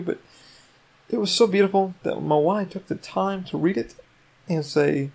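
Excitable gravelly-voiced man rambling. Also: sits high, moderate pace. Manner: excitable, profane, rambling with many restarts. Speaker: podcast host. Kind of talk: casual solo podcast rant.

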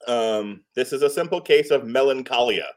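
A man's voice: mid-range voice, moderate pace. A man co-hosting a podcast, reviewing a comic book in casual, joking chat and playfully teasing his co-host.

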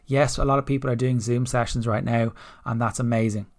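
An earnest young man talks straight to his listeners as a podcast host, circling back on his points with restarts and repeats. His voice sits at an ordinary middle pitch and stays flat and even, with little rise or fall. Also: fairly quick. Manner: earnest, repetitive, many restarts and asides. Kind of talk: solo podcast talk.

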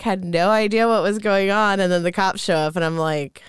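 A woman's voice: on the low side, fairly even intonation, fairly quick, few pauses, smooth, no echo, studio quality. A young adult woman with a Midwestern American accent, telling her life story in a candid casual chat, swearing freely and laughing often.

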